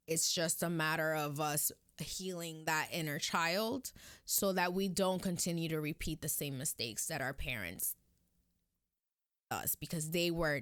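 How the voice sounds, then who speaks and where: A young woman with a Hispanic Caribbean Spanish accent chats casually with her viewers in a personal vlog, rambling and drifting off on tangents as she addresses them directly. Her voice sits fairly low, with a slightly bright, clean tone. The studio recording is clean and has no echo.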